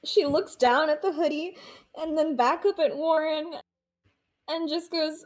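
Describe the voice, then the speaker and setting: A woman's voice: high voice, fairly even intonation, measured pace, faint music behind. A woman playing a tabletop game, rambling and giggling as she describes her character. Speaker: player. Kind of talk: casual tabletop game chat.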